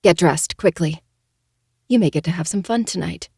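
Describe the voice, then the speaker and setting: A man voicing a fierce, panicked young woman in an audiobook reading, talking in a sharp, urgent way. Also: high voice, fairly even intonation, normal speed, no echo, studio quality, pitched above the performer's own voice.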